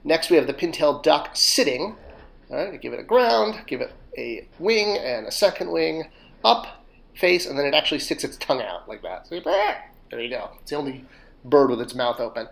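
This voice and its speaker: Brief: young man, slightly high voice, jokey host of a step-by-step drawing lesson. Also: lively intonation, moderate pace, creaky, a bit bright. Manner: playful, self-mocking asides while sketching step by step. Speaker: drawing teacher.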